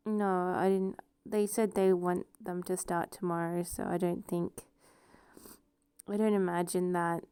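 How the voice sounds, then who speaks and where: A woman's voice: medium pitch, darkish tone, smooth, no room sound, clean studio sound. A woman with a noticeable accent talking casually to camera, rambling and self-deprecating, laughing often as she goes. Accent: noticeable non-standard accent. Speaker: vlogger. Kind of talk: casual personal monologue.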